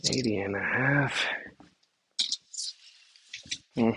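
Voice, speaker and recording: A man's voice: mid-range voice, normal speed, pushed and bright, husky. A young man casually narrating his own home renovation for his vlog, muttering to himself as he works and measures. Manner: mumbling to himself, offhand. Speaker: DIY vlogger. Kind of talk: casual narration while working. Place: unfinished basement room under renovation. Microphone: phone camera.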